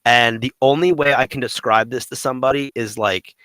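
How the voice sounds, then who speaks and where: Man, bright voice, dry close sound, rambling and animated, casual gaming chat. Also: mid-range voice, a little fast, smooth, no echo, low-quality recording. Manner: rambling, animated, many fillers. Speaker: podcast co-host.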